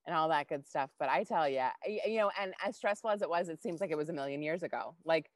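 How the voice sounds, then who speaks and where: A woman co-hosting a podcast, telling a personal story in casual, animated chat and swearing freely. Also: low voice, quick pace, dry recording. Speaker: podcast co-host.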